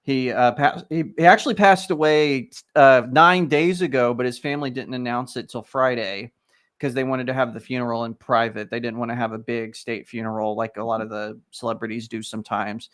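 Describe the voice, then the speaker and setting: A man's voice: mid-range voice, fairly even intonation, a bit bright. Chatty man with a Texan accent. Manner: rambling, chatty, quick to laugh. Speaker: livestream co-host. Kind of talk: casual live watch-party chat.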